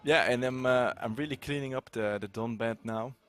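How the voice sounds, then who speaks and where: A man's voice: medium pitch, normal speed, fairly bright tone, smooth. A man giving casual commentary as he plays a strategy game, explaining each move with frequent fillers. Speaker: co-host playing a strategy game.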